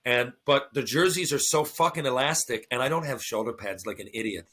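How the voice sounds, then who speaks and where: Bright, animated ex-hockey storyteller man. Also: mid-range voice, a little fast. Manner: animated, swearing, acting out his own reactions. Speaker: podcast guest, former hockey enforcer. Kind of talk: casual storytelling.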